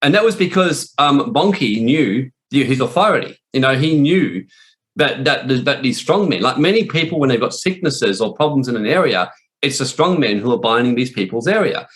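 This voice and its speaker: A man's voice: medium pitch, lively intonation, moderate pace, fairly bright tone. A man teaching on spiritual warfare in a blunt, profane, rambling way, full of restarts. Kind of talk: informal preaching talk.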